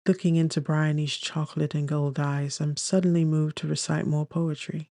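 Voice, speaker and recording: A man narrating a first-person romance audiobook in a gentle, unhurried storytelling manner on a close studio mic. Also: fairly high pitch, flat delivery, creaky, dry recording.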